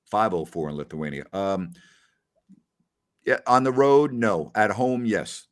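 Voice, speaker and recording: A man hosting a casual post-game livestream, animated as he reads out viewer comments. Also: fairly low pitch, measured pace. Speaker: podcast host.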